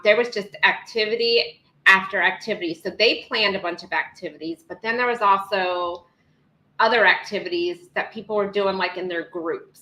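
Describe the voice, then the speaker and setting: A chatty woman co-hosting a casual livestream, talking quickly and reading viewer comments aloud. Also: fairly low pitch, sharp tone, reverberant, poor audio. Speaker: livestream co-host.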